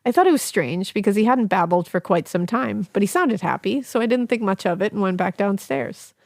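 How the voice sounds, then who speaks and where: A woman's voice: mid-range voice, fairly quick, no room sound. Woman reading a spooky letter, dry studio sound. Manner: animated, laughing, swearing casually. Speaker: podcast co-host reading a listener letter. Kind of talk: reading a letter aloud with asides.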